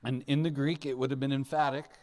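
Talking fast in a level, slightly mellow mid-range voice, a pastor preaches conversationally. He questions his listeners and voices Bible figures playfully.

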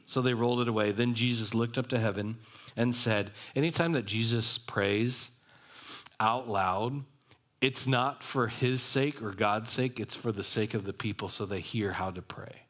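A man with a fairly low voice preaching a sermon. He reads a passage and then talks it through in a relaxed, conversational way, stopping to explain details. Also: moderate pace. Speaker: pastor.

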